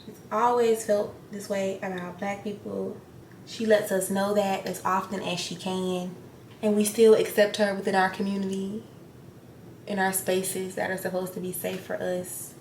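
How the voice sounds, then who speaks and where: A young woman talks straight into the camera while getting ready, blunt and full of profanity, acting out what people said. Her voice sits at a middle pitch and bounces around an echoey room with a faint hum of ambient noise behind it. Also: normal speed. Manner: blunt, profane, animated retelling with acted-out quotes. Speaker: beauty vlogger.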